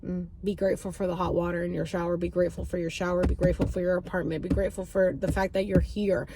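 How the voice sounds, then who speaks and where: A woman's voice: on the low side, flat delivery, quick pace, noisy background. A young woman vlogger telling a personal story in casual chat, full of "like" and restarts, acting out her own past voice with sudden squeals and cries. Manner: heavy use of "like" and filler restarts. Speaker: vlogger and spiritual reader.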